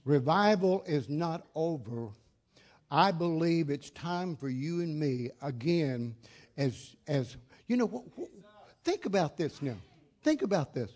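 An older man preaching a fervent sermon as an evangelist, repeating phrases and building to shouts. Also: fairly high pitch, big pitch swings, measured pace.

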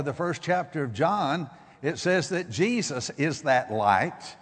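A man preaching a sermon, moving from measured teaching to loud, emphatic exhortation. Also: a little high, expressive, breathy edge, big-room sound. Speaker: guest preacher.

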